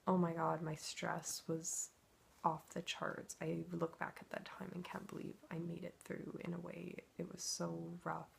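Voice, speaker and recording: A woman's voice: fairly low pitch, monotone, measured pace, gravelly, slight background noise. A woman telling her own emotional story in a confessional vlog, acting out her inner thoughts as she goes. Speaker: twin flame coach.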